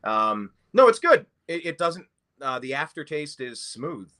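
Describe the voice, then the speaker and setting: Male host, bright tone, easygoing chat, playful rambling delivery. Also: medium pitch, animated, a little slow. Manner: playful, rambling, mock-grand intros. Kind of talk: casual podcast chat. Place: Louisville, Kentucky.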